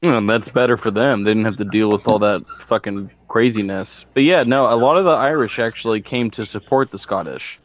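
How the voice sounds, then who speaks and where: A man with a fairly low voice talks casually as a podcast co-host. He explains things at length and swears offhandedly as he goes. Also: fairly quick, hardly any pauses, dull audio. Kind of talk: casual chat.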